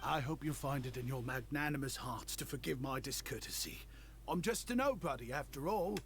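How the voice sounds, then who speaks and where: A man's voice: medium pitch, lively intonation, fairly quick, noisy background, close to an everyday voice. An actor playing a polite, deferential young male shop clerk with a London accent, in a video game. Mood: apologetic. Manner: eager, deferential. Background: game music.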